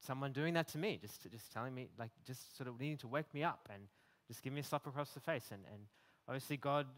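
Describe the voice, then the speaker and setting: A man preaching a sermon in a conversational way, with many fillers and restarts, getting animated at times. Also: mid-range voice, quick pace, long reverb tail. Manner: animated when voicing imagined rebukes.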